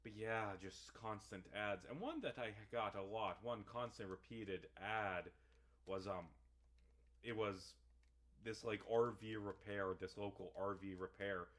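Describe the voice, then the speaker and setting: A man's voice: fairly low pitch, measured pace, a bit bright. A young man giving casual, rambling commentary over a game, ranting and swearing often. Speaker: gaming vlogger.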